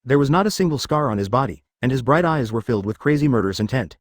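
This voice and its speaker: A man's voice: medium pitch, animated, fast talker, no echo, studio quality. A man narrating a translated ninja fan-fiction story in a scripted, synthetic-sounding read.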